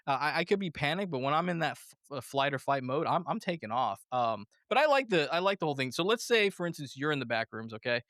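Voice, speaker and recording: A man hosting a casual movie review podcast, animated and laughing often as he acts out quotes. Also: a little high, fast talker, hardly any pauses, no echo, clean studio sound. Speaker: podcast host.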